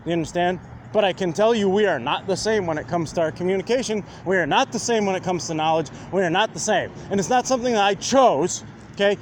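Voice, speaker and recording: A man's voice: sits high, quick pace, slight background noise. A man ranting to his viewers in a combative, profane monologue, repeatedly asking whether they understand. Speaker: vlogger.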